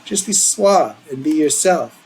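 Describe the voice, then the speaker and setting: A man voicing a boastful, defensive teenage boy, in a low, muttered manner. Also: expressive, a little slow, a little mellow, a little hiss or hum, rough recording.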